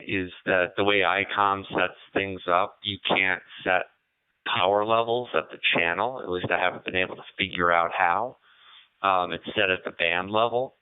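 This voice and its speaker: A man chatting casually over amateur radio, relaxed and thoughtful, pausing often with fillers. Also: sits low, clean tone, dry recording. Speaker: ham radio operator calling in. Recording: tinny radio transmission.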